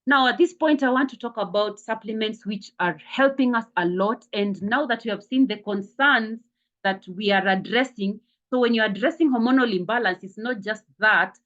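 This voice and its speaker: A Kenyan woman with a fairly bright, higher voice gives a health and wellness talk at a moderate pace. She repeats words for emphasis and uses frequent fillers, and the recording has a dull, lo-fi sound.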